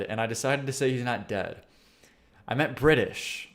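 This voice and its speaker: A man's voice: mid-range voice, moderate pace, a bit bright. A man hosting a music-review livestream, talking casually in a rambling, slangy way and swearing freely.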